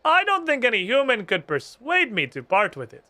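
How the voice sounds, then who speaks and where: A man reading the lines of a greedy male dealer from a game, a little higher than his usual voice. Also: wildly swooping pitch, moderate pace, bright, forceful tone, exaggerated voice. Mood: scheming.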